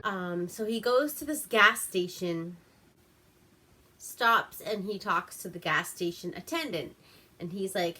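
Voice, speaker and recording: Giggly, slow-talking woman recapping a movie. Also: mid-range voice, expressive, pushed and bright. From Alaska. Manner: giggly, profane, rambling with many fillers. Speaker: movie reviewer host. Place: at home.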